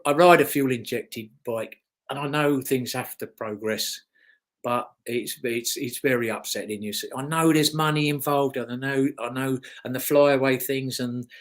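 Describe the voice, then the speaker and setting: A British man in his fifties talks through a casual interview as the guest. His voice sits at an ordinary middle pitch. He tells loose, rambling anecdotes, circling back on his points as he goes. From Britain. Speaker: guest, former motocross racer.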